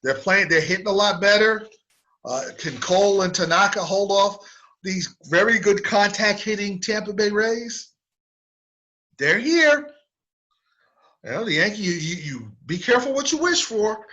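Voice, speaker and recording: A man's voice: high-pitched, animated, normal speed, sharp tone, highs cut off. A man hosting a sports talk show, ranting heatedly with strong opinions and mocking asides. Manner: fired-up, ranting, mocking impressions. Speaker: sports radio host.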